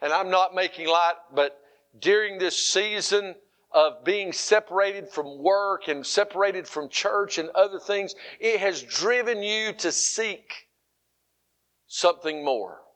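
A middle-aged male pastor preaching an animated sermon, moving between loud, emphatic lines and softer, quiet ones. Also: sits high, slow.

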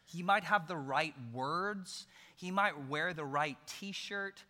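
Animated preacher with a forceful voice. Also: male voice, on the high side, takes it slowly. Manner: animated, jokey storytelling. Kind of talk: sermon. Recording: long hall reverb.

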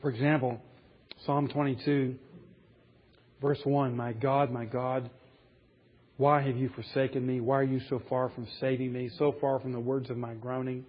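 A man's voice: medium pitch, level tone, moderate pace, muffled recording. A man preaching a sermon, earnest and rising to emphatic passages as he reads scripture aloud. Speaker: pastor.

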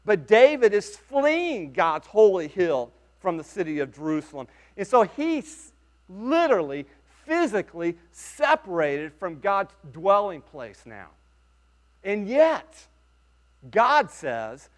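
A man preaching a sermon as pastor, earnest and emphatic, with dramatic pauses. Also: high-pitched, sing-song, a bit bright.

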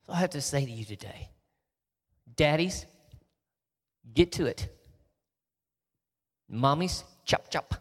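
Texan man guest speaker, husky, storytelling that drops into whispers, long hall echo. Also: a little high, slow pace, long pauses. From Texas. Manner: shifts from lively storytelling to soft emotional whispers. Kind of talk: inspirational storytelling talk.

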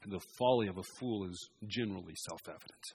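A man preaching an expository sermon, shifting between emphatic raised passages and quiet asides. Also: sits low, fast talker, creaky, slightly rough.

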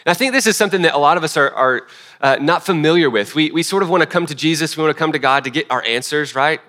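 A man preaching a sermon in a relaxed, conversational way, full of restarts and self-deprecating asides. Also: fairly high pitch, quick pace. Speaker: pastor.

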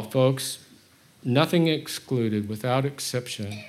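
A man preaching a conversational sermon, candid and self-deprecating, with his delivery swinging between quiet and animated. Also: medium pitch, moderate pace.

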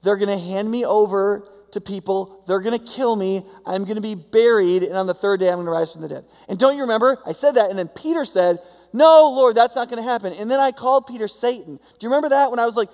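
Preacher doing an exasperated, reproachful Jesus, raised gravelly voice, echoing hall. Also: male voice, high-pitched, fast talker, darkish tone, pitched above the performer's own voice. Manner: emphatic, reproachful. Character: exasperated Jesus scolding his male disciples. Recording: long hall reverb.

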